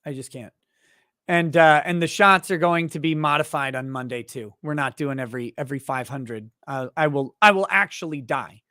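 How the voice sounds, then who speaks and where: A man's voice: fairly high pitch, dry recording. Dry, rambling man reading chat. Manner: rambling and joking, with halting restarts; animated when telling stories. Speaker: livestream host reading chat messages. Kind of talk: casual live-stream chat.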